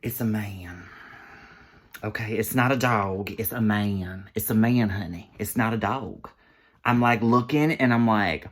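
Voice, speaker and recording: A man telling a funny story to camera, sassy and animated, calling listeners honey and girl. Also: lowish voice, measured pace.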